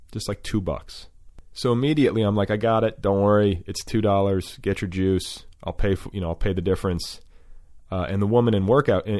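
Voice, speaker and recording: A podcast host speaks in a low, slightly mellow voice, recorded clean in a studio with no echo. He tells a long, rambling story packed with fillers, restarts and self-corrections before introducing his guest in this storytelling monologue.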